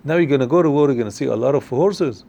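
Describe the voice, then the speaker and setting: Fast-talking man teaching Torah. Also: mid-range voice, gravelly, warm tone. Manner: quick, repeats himself and restarts, chanting Hebrew verses fast. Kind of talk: Torah class on the weekly portion.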